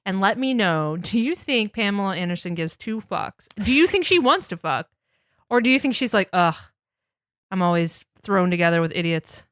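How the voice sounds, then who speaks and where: A woman's voice: medium pitch, animated, moderate pace, a bit bright, no room sound. A woman co-hosting a podcast, chatting casually with sarcastic, playful jokes. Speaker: podcast co-host. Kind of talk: casual watch-along chat.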